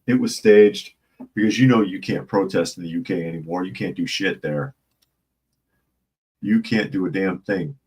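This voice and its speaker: A man's voice: low-pitched, normal speed, breathy edge, low-quality recording. A man hosting a casual opinion show on the news, sarcastic and improvising jokes while reading articles. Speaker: news commentary host.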